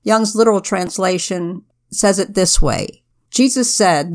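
A woman co-hosting a Bible podcast, explaining scripture in a measured, earnest way. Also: on the low side, a little mellow. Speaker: podcast co-host. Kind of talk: slow, earnest Bible teaching.

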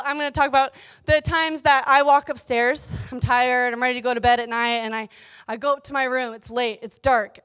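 A young woman giving a casual devotional talk, chatty and animated, telling stories with playful asides. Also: sits high. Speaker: youth speaker.

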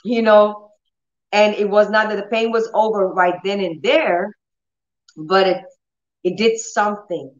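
A woman's voice: medium pitch, steady tone, unhurried, long pauses. A middle-aged woman preaching and telling a personal testimony in an earnest, storytelling way, with restarts and laughter. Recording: roomy, slightly dull recording.

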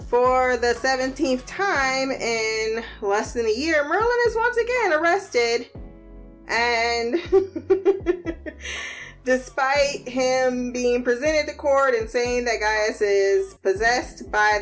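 A woman recaps a show in a casual, slangy way, acting out the characters' lines and cursing freely. Her voice sits fairly high and she speaks slowly, with faint music underneath. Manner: animated, acts out characters' lines, laughs often. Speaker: episode recap vlogger.

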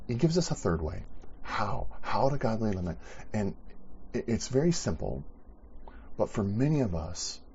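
A low, husky male voice delivering a sermon in an earnest, conversational manner, circling back and restarting as he goes. The recording sounds somewhat dull and lo-fi. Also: warm tone. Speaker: pastor.

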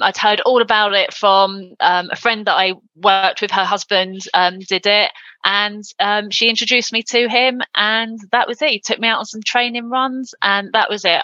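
A woman's voice: mid-range voice, sharp tone, no room sound, lo-fi sound. A middle-aged woman chatting casually as a podcast guest, with lots of ums and easy laughs. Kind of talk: casual interview chat.

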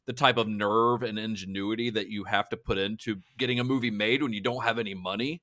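A man's voice: on the low side, fairly even intonation, fairly quick, bright, forceful tone, no room sound, studio quality. A man co-hosting a casual film podcast, telling behind-the-scenes stories with frequent laughs and fillers. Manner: chatty storyteller, laughs often, many fillers. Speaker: podcast co-host.

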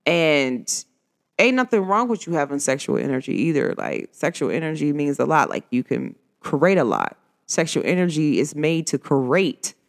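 Lively-voiced woman podcaster, preachy and casual. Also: low-pitched, normal speed, gravelly. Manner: preachy, informal, addresses listeners as y'all. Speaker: podcast host. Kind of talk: casual motivational podcast talk.

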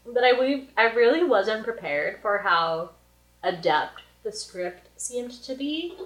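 Woman, podcast co-host, lively film chat, echoey room. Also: a little high, slow pace. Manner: enthusiastic, acts out quotes. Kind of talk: casual film review chat.

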